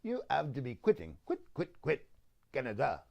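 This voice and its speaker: A man doing an impression of an evasive older male Quebec politician, with a Quebec French accent and broken, halting English. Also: medium pitch, wildly swooping pitch, vocal fry.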